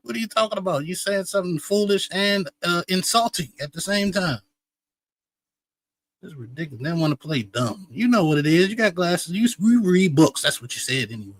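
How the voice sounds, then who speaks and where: A man's voice: high voice, expressive, moderate pace. Blunt heated man reacting to clips. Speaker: show host reacting to clips. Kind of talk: casual reaction commentary.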